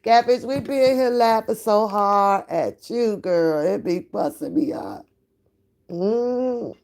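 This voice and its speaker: A woman's voice: medium pitch, takes it slowly, gravelly, darkish tone. A woman ranting straight at her viewers in a casual vlog, profane and often laughing. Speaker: reaction vlogger. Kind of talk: casual to-camera rant.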